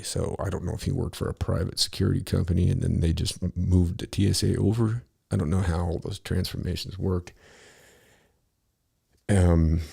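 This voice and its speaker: A man's voice: low-pitched, vocal fry, warm tone, husky. A middle-aged man telling a rambling, profane story in a casual monologue, full of restarts. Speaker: podcast host.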